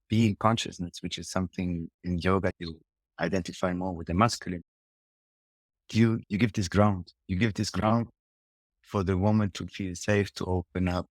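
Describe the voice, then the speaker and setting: Deep-voiced man, halting speech. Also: no echo. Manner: halting, searching for words, many restarts. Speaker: tantra and yoga teacher, podcast guest. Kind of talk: conversation, then guided meditation.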